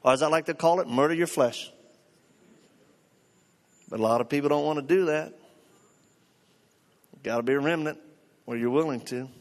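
A man's voice: fairly high pitch, moderate pace, long pauses. Older preacher man in an echoing hall. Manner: animated, acts out dialogue in his stories. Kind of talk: live sermon storytelling. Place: large hall before a live audience. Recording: long reverb of a live hall.

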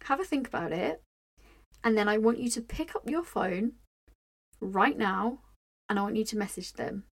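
A young woman talks on her own podcast in a mid-pitched voice. She speaks openly and with feeling, often saying "like" and restarting her sentences as she works through a thought. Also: animated, normal speed, creaky. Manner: candid, emotional, many "like" fillers and restarts. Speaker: podcast host. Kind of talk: personal reflective monologue.

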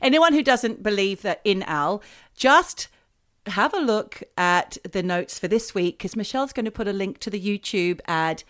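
A woman's voice: medium pitch, animated, normal speed, a bit bright. Chatty woman co-host. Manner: chatty, teasing, steers the show. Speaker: podcast co-host. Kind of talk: casual chat.

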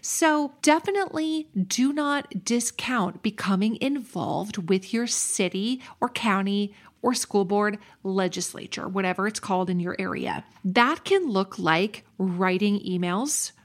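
A woman podcast host explaining things in a clear, practical, advice-giving way. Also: medium pitch, expressive, unhurried, few pauses. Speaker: podcast host answering listener questions. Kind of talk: explanatory casual talk.

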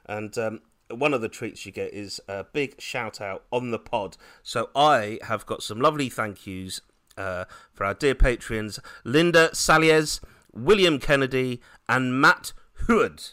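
A man hosting a podcast, energetic and theatrical, laughing often as he chats with guests. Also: mid-range voice, unhurried. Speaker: podcast host. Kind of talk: lively podcast banter.

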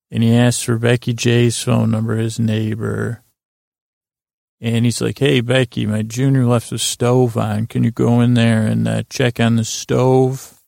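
This man hosts a podcast, his mid-range voice a bit creaky as he casually wanders through a recap of a TV episode. He quotes characters with barely any change in tone, and the clean studio audio has no room sound.

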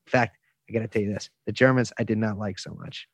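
A man's voice: on the low side, fast, vocal fry, slightly rough, no echo. Rambling, profane man. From United States. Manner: rambling, many restarts and fillers, profane. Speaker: guest. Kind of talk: casual storytelling interview.

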